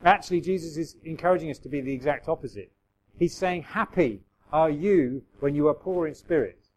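A middle-aged man gives a relaxed, chatty sermon. His voice sits a little higher than most men's, and he slips into quoted voices with self-deprecating humour. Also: a little fast, low-quality recording. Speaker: pastor.

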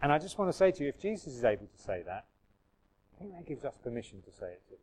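A man's voice: mid-range voice, sing-song, fast, darkish tone, breathy edge, rough recording. A man preaching a sermon in a conversational way, reading scripture aloud and musing with restarts and asides to the congregation.

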